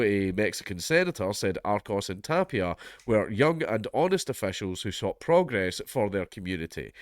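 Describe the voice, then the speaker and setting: Reading out a news article on his commentary channel, a stuffed-up Scottish host with a head cold keeps interrupting himself with sardonic, sweary remarks. His voice sits on the low side, captured in a clean studio with no room sound.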